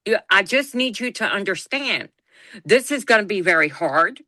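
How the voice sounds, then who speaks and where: A woman's voice: medium pitch, measured pace, pauses often, dry recording. A middle-aged woman, telling a personal story on a podcast and acting out the quoted lines as she goes. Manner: animated retelling, acts out quoted dialogue. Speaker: podcast co-host.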